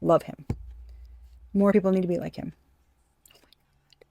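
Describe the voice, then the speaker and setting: A woman's voice: fairly low pitch, fairly even intonation, a little slow, creaky, mellow, slight background noise. A woman giving a casual tarot reading straight to the viewer. She is blunt and swears freely, and she repeats phrases for emphasis. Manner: talks straight to the viewer as "you". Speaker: tarot card reader.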